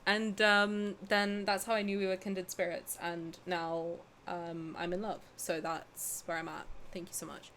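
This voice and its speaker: A woman's voice: on the low side, flat delivery, normal speed, hardly any pauses, slight background noise. A young woman streaming a game, chatting casually and rambling to her chat with giggles.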